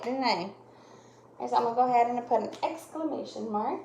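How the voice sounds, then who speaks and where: A woman teacher giving a lesson to young children, speaking slowly and exaggerating her voice changes to demonstrate punctuation. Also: a little high, vocal fry, warm tone. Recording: echoey room.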